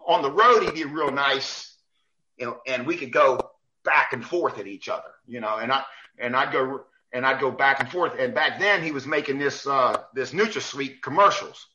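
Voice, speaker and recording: A man, a basketball referee and guest, telling animated anecdotes in a casual chat, acting out quoted lines and restarting often. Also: medium pitch, lo-fi sound. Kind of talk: animated storytelling in a podcast chat.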